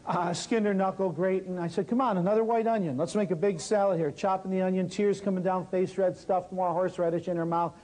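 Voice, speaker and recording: A man's voice: high voice, brisk, hardly any pauses, poor audio. A man teaching a natural healing workshop, telling a story and talking straight to his audience. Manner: lively, talks straight to the audience.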